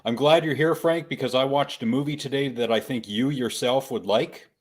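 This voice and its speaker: A Canadian man co-hosting a podcast in casual chat, relaxed and matter-of-fact as he recommends movies. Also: medium pitch, moderate pace. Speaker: podcast co-host.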